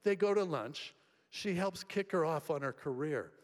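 A man preaching a sermon in a conversational storytelling way, swinging between soft and emphatic delivery. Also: fairly high pitch, expressive, moderate pace. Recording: long hall reverb.

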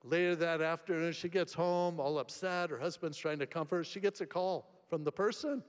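A male preacher with a somewhat high voice tells stories from the pulpit. His delivery is conversational, moving between hushed and emphatic. The hall gives every line a long, ringing reverb. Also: a little fast, clear, resonant tone. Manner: conversational storytelling, swings between soft and emphatic. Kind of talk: sermon.

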